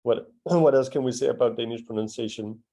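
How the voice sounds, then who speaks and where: In a live class, a male language teacher speaks with a warm, mellow voice at medium pitch and a brisk pace. He patiently models each sound one at a time and praises his students when they try.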